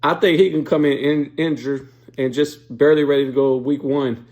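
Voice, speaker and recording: A man's voice: mid-range voice, steady tone, moderate pace, a little mellow. A man hosting a sports show, giving blunt, profane, fired-up casual opinion commentary.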